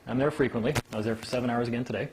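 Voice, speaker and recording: A man holds forth to a small gathering in a lively, conversational way. He acts out the people in his stories and keeps checking in with "right?". A faint hiss sits under his voice. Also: medium pitch, very fast. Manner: animated, acts out quoted people, asks "right?". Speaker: speaker at a meeting. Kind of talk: informal talk to a small group.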